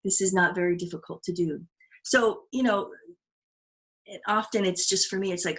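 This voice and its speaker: A woman's voice: on the low side, moderate pace, long pauses, a bit bright, low-quality recording. Earnest, reflective woman podcast host. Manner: earnest and reflective, with frequent restarts and laughs. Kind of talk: casual podcast conversation.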